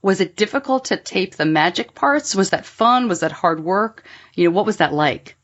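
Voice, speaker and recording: Middle-aged woman, podcast host, lively pitch, slightly dull lo-fi sound. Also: moderate pace. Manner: friendly, animated questioning. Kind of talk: casual interview.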